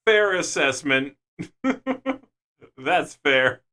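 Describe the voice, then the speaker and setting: A man's voice: fairly high pitch, expressive, extremely slow, sharp tone. A young man streaming games, chatting casually and laughing between jokey remarks. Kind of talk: casual live-stream chat.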